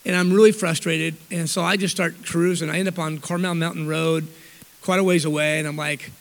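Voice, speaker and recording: High-voiced man telling a rambling story. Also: level tone, a little fast, creaky. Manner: rambling, self-correcting, self-mocking. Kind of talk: storytelling talk. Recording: long hall reverb.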